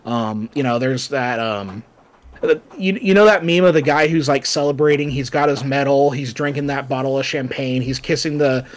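A man's voice: medium pitch, moderate pace. A man co-hosting a casual podcast chat, talking loosely with many fillers and asides as he reads from his notes. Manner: chatty, lots of fillers and asides. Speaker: podcast co-host.

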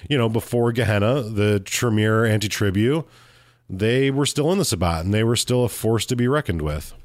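A man co-hosting a podcast, telling a game story in casual chat, animated and swearing freely. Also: on the low side, moderate pace, no room sound, studio quality. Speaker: podcast co-host.

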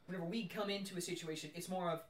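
A man's voice: high voice, steady tone, very fast. A young man in casual podcast chat, earnestly thinking aloud. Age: young adult. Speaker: podcast co-host. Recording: echoey room, far from mic.

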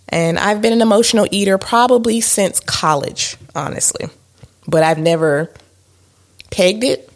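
Candid chatty woman with a gravelly edge. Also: lowish voice, lively intonation, moderate pace. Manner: candid, self-deprecating, chatty with fillers. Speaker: podcast co-host. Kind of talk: casual chat.

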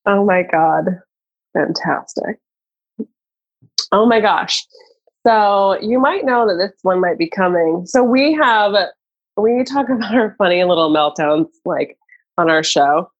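A woman's voice: medium pitch, expressive, slow, long pauses, dull audio. A woman hosting a podcast, asking questions in a chatty, loose way with lots of fillers. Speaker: podcast host. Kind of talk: casual podcast conversation.

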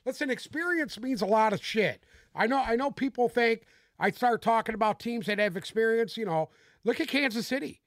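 A man's voice: very high-pitched, animated, normal speed, fairly bright tone, dry recording. Fired-up, profane man ranting about football. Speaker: podcast co-host. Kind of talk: casual sports podcast chat.

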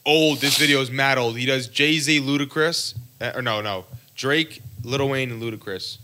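A young man in a casual podcast chat, relaxed and teasing. His voice is bright and edged, at an ordinary pitch. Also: moderate pace. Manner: relaxed, swears a lot, teasing. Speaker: podcast co-host.

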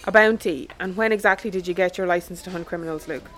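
In an audio drama, a woman with an Irish accent plays a blunt, irritable space fleet commander. Her voice is fairly low and natural, and she talks fast, sounding sharp, exasperated and irritated while swearing freely.

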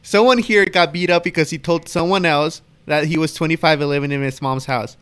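A man's voice: fairly high pitch, steady tone, a little fast, fairly bright tone, clean tone. A young man hosting a casual podcast with friends, talking in loose, profane banter. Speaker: podcast host. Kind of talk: casual chat among friends.

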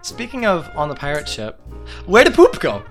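Male game master, playful chatter, lively pitch, faint music behind. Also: normal speed. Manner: animated, laughing, playful. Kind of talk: running a tabletop game podcast.

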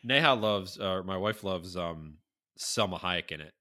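Low-voiced man chatting in a rambling, profane way. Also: measured pace. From North Carolina. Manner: rambling, profane, with animated quoted impressions. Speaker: podcast co-host. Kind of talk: casual chat.

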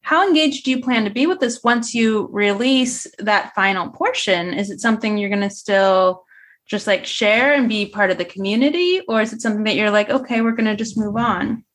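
A woman's voice: mid-range voice, normal speed, fairly bright tone. A woman poses a casual question in an interview over a video call. She talks loosely and drops in a "like" or two.

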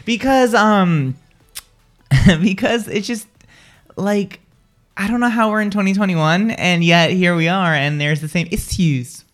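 A woman's voice: medium pitch, a little slow. A young woman hosting a casual morning radio chat, rambling and laughing, often restarting her sentences. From California. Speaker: radio show host.

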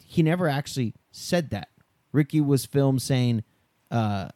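A man's voice: medium pitch, lively intonation, a little slow, dark tone, no room sound. A man in his thirties co-hosting a casual chat, swearing loosely and laughing often. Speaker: podcast co-host.

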